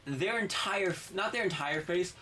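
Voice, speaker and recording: Picked up by a distant mic over faint background noise, this male game podcast co-host has a high, sharp-toned voice and a moderate pace. He tells a long, rambling, profane story in casual conversation, frequently cutting himself off partway through sentences.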